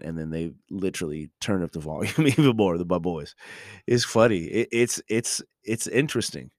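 A man's voice: sits low, moderate pace, no room sound, studio quality. A middle-aged man hosting a podcast, talking in a casual, reflective monologue full of restarts and ums. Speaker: podcast host.

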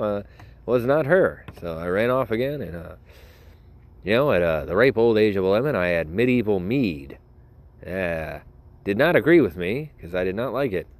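Deep-voiced young man rambling. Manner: animated, joking, self-interrupting storyteller. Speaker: podcast host. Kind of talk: casual rambling monologue.

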